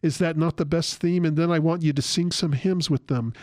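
A man's voice: on the high side, steady tone, a little fast, darkish tone, no echo, close to an everyday voice. A man reading aloud the words of a frail, devout elderly man in his sickbed, in an earnest tone. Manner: earnest, read aloud from a written account.

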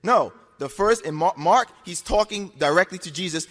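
Long hall reverb surrounds a man lecturing an audience in an argumentative, insistent, repetitive way, leaning on rhetorical questions. He speaks at normal speed in a high, slightly bright voice with lively intonation.

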